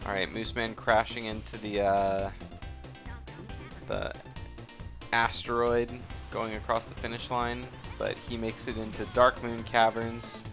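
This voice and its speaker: This live esports commentary comes from a man casting a racing game tournament in a laid-back, chatty style, drifting off into fillers. His voice is lowish with little pitch movement, and he keeps a measured pace against soft game music.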